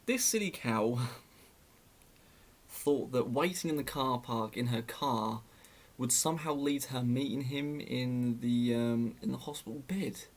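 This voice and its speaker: A man's voice: medium pitch, unhurried. A young man telling a story in a casual, sarcastic way, often laughing at it.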